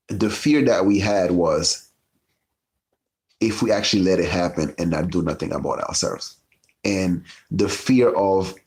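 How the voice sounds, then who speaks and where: A man's voice: low-pitched, a little mellow. A man hosting a casual history talk, telling it loosely with asides and swearing. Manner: loose, profane, storytelling with asides. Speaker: podcast host.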